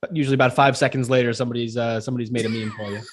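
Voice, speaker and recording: A man's voice: medium pitch, steady tone, racing, slight background noise. Chatty man on a livestream. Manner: chatty, laughing, with fillers. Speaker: co-host from the company. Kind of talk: casual livestream chat.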